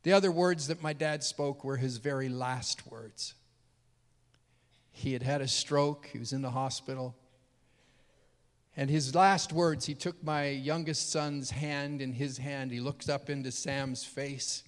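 A man preaching a sermon as a pastor, telling a personal story earnestly, dropping low and quiet and then rising loud and high when moved. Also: steady tone, measured pace. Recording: reverberant hall.

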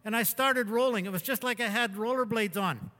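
Man, high bright voice, folksy rambling sermon storyteller, long hall reverb. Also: a little fast. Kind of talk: anecdotal sermon talk.

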